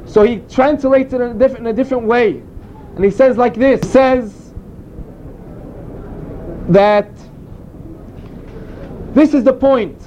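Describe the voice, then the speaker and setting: Very high-voiced man teaching. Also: slow, pauses often, warm tone, dull audio, slight background noise. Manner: earnest, explanatory storytelling. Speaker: Torah teacher. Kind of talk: informal Torah class.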